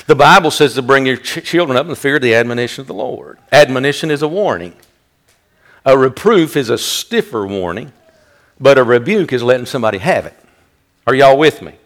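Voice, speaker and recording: A man pastor preaching a sermon, rising loud and high when he quotes a rebuke. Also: animated, a little fast.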